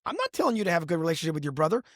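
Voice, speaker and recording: A middle-aged man co-hosting a podcast, telling stories in a lively, expressive way. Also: on the high side, very fast, dry recording, studio quality. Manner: animated storyteller, lively and expressive. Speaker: podcast co-host. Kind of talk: casual podcast conversation.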